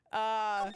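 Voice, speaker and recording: A woman's voice: medium pitch, slight background noise. A young woman streaming a first playthrough of a game, reading dialogue aloud and chatting casually, swearing and giggling. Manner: animated, swearing, giggly, reads dialogue in voices. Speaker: gaming streamer. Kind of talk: let's play commentary reading game text aloud.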